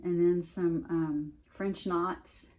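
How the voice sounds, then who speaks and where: Southern lady rambling about her cross stitch, slow easy talk, kinda low voice, lots of ums. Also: fairly even intonation, darkish tone. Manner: chatty, rambling, many restarts and ums. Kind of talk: casual show-and-tell chat.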